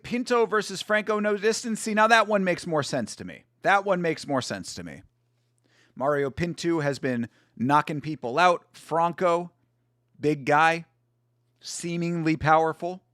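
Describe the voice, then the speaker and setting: A man's voice: a little high, unhurried, a bit bright, dry recording, studio quality. A man hosting a fight watch-along livestream, chatting casually and rambling with restarts and the odd swear.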